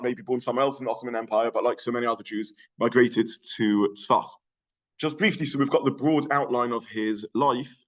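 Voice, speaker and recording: A middle-aged man delivers an adult education lecture in a voice of middling pitch. He talks in a thoughtful way, pausing often and restarting his sentences with plenty of fillers. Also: low-quality recording.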